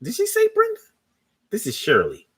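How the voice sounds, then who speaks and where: A man hosting a casual, profane storytelling monologue in loose conversational talk, with pauses as he searches for words. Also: extremely high pitch, wildly swooping pitch, fairly bright tone, slightly rough.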